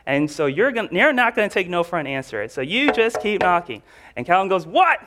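A man's voice: high voice, sing-song, brisk, background noise. Chatty man preaching a sermon. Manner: storytelling, chatty, with filler words. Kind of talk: casual conversational sermon.

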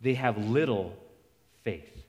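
A man preaching a sermon in an animated way, acting out quoted voices and often restarting his sentences. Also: lowish voice, takes it slowly, in a large hall.

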